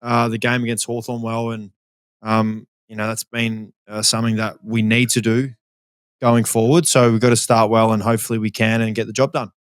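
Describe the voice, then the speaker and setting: A talkative Australian man co-hosting a podcast, who tells stories with energy and acts out the voices in them. His pitch sits in the middle range. The recording is dry, with no room echo. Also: fairly quick, smooth. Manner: chatty, animated storyteller, acts out dialogue. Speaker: podcast co-host and footballer. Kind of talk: casual chat.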